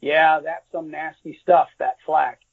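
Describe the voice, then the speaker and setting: A man voicing a steady young army pilot, matter-of-fact, husky, tinny. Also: a little high, slow, no room sound, full character voice. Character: young adult male bomber pilot, calm and plain-spoken.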